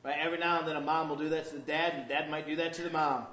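A man's voice: a little high, quick pace, a bit bright. A man preaching a sermon as a pastor, joking and acting out little scenes with quoted voices. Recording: roomy, dull lo-fi sound.

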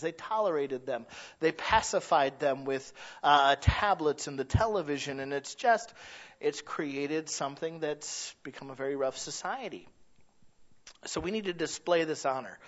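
A man's voice: a little high, fairly bright tone. Earnest preaching man, lo-fi sound. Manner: earnest, conversational preaching with restarts and asides. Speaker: pastor. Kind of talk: sermon. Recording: dull lo-fi recording.

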